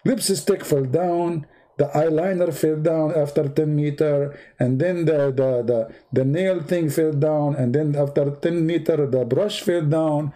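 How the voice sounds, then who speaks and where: A man hosting a livestream, retelling a story in a mocking, animated way and speaking broken, non-native English. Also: a little slow. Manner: mocking, animated storytelling with big pitch swings. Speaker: livestream host. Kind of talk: casual livestream commentary.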